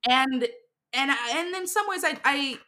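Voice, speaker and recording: Young adult woman, interview guest, bright voice, chatty and animated. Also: sits high, unhurried. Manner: animated storyteller, many fillers and restarts. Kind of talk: casual interview chat.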